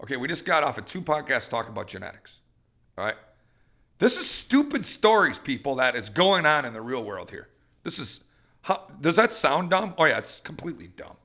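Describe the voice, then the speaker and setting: A middle-aged dog trainer hosts a podcast, ranting with fired-up energy and acting out dogs and people in quick voices. His voice is medium in pitch, sing-song, pushed and bright.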